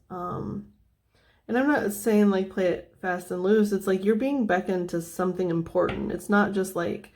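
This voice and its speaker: A woman giving a casual tarot reading, thinking out loud with lots of fillers and restarts, often dropping to a soft, near-whispered tone. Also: on the low side. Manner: meandering, thinking aloud with many fillers. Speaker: tarot reader.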